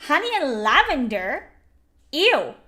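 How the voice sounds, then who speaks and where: Sarcastic lady streamer ranting at a game, kinda high voice. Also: huge pitch swings, slow, bright, forceful tone. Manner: blunt, sarcastic, exasperated. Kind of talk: live reaction commentary on a game.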